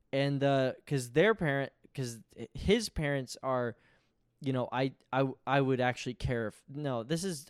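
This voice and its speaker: A young man hosts his own podcast solo, rambling casually, poking fun at himself and frequently starting sentences over. His medium-pitched voice is clear and resonant, recorded dry with clean studio sound.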